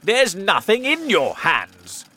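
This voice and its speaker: A man voicing a vain, cruel king who shouts slow, loud commands in a told story. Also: a little high, wildly swooping pitch, voice pushed up, heavily acted. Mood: angry.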